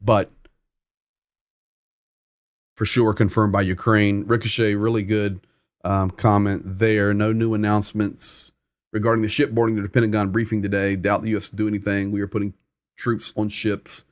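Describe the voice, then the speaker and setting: A man with a lowish voice hosts a live analysis stream, talking straight into a dry, close mic. He is emphatic and repeats phrases to hammer home his points. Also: little pitch movement, moderate pace, no room sound. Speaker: host of a live war update stream. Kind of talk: live commentary and translation.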